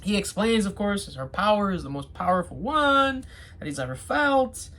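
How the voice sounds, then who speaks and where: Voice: mid-range voice, big pitch swings, normal speed, fairly bright tone. A TV reviewer chatting casually through an episode, with sarcastic asides and rambling restarts.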